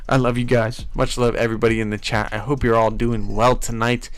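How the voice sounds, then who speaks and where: A man's voice: medium pitch, fairly even intonation, fast, few pauses, clear, resonant tone, faint music behind. A man hosting a casual livestream, upbeat and hyped, reading viewer comments aloud, with a stuffy nose from allergies. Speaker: livestream host.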